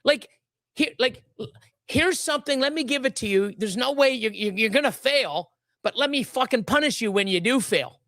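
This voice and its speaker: A man's voice: very high-pitched, expressive, normal speed, fairly bright tone, no echo. Angry guy on a stream, cussing nonstop, tripping over his words, dry close sound. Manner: swearing, stammering restarts, furious. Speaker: livestream co-host. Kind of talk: heated livestream rant.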